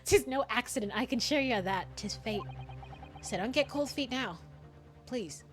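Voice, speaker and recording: A woman voicing a gloomy young male defendant with a put-on Irish accent, reading game dialogue aloud in a quiet, grave, fatalistic manner. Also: a little high, expressive, normal speed, faint music behind, natural voice.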